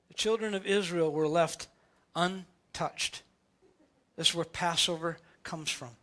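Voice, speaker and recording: A male pastor, preaching a sermon in church in an animated, playful way, often asking rhetorical questions. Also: a little high, slow, long pauses.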